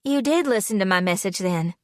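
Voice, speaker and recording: A woman's voice: mid-range voice, animated, a little fast, no room sound, clean studio sound, lightly acted. A woman voicing a hurt young fiancée, pleading in a shaky, emotional voice in an audiobook. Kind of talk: audiobook character voice.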